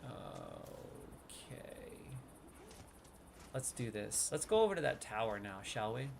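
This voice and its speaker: A man's voice: fairly low pitch, wildly swooping pitch, slow, vocal fry, a little hiss or hum. A man with a New York accent hosting a gaming video, chatting casually and reading game text aloud. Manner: chatty, reads game lore aloud and muses on it. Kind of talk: casual gameplay commentary.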